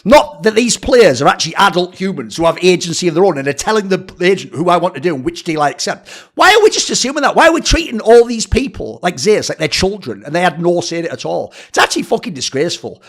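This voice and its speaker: A man's voice: sits high, sing-song, quick pace, few pauses. A man giving heated, sarcastic, profane esports commentary as a channel host. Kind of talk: ranting commentary.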